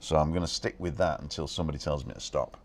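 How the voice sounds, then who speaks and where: A man hosting a casual live stream from a balcony, talking fast and reading out viewers' comments and names. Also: rumbling low. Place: balcony outdoors.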